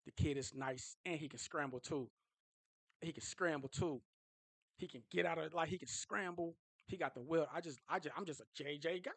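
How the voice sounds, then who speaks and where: Male fan vlogger, high voice, dry close sound, fired-up repetitive rant. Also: moderate pace, a bit bright, no echo. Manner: impassioned and repetitive, restarting phrases.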